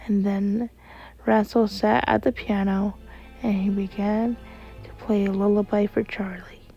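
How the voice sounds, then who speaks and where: A woman telling a bedtime story in a soft, unhurried way. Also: mid-range voice, level tone, vocal fry, slightly rough, lo-fi sound, faint music behind.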